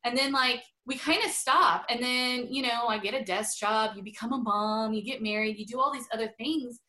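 A woman's voice: on the high side, normal speed, pushed and bright. A middle-aged woman chatting as an interview guest, full of fillers and frequent laughs. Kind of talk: casual interview chat.

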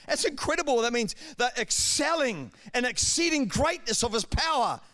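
A man preaching a sermon, with swings between calm speech and shouted, fervent passages. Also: extremely high pitch, moderate pace. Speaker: pastor.

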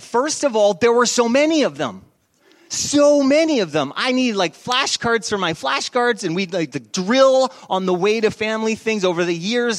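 A male pastor giving a sermon, telling a story in a lively, animated way with shifts in volume and pace. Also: high-pitched.

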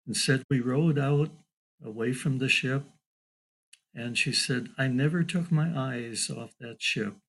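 An older man, a local historian, slowly and deliberately telling a historical story and quoting a survivor's account. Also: medium pitch, low-quality recording. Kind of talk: slow spoken storytelling.

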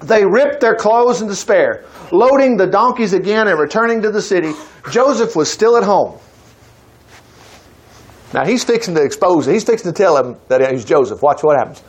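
A man's voice: sits high, lively intonation, moderate pace. A man reads a Bible passage aloud and teaches from it, breaking in with chuckling asides. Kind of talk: Bible study reading with commentary.

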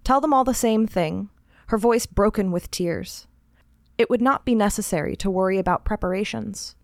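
Lady reading a spooky short story, slow and careful, dead dry mic. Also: medium pitch, gravelly, no echo. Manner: measured, deliberate reading. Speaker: podcast host reading a story. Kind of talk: storytelling narration.

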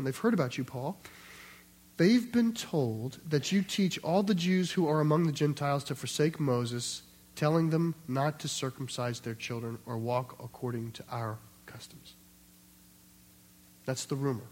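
A man with a high voice preaches through a scripture passage. He keeps it conversational, acts out the voices he quotes and restarts phrases as he thinks aloud. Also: darkish tone. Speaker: pastor. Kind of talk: expository sermon.

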